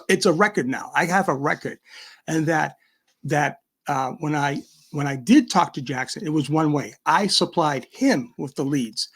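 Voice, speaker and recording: A man with a Boston accent, a guest ranting in bursts on a livestream call. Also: on the high side. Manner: combative, emphatic, talks in bursts. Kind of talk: heated livestream rant.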